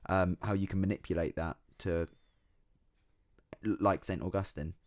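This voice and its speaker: Low-voiced young man, lively casual podcast chat, dry close mic. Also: normal speed, dry recording. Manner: animated, laughs often, swears freely. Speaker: podcast guest.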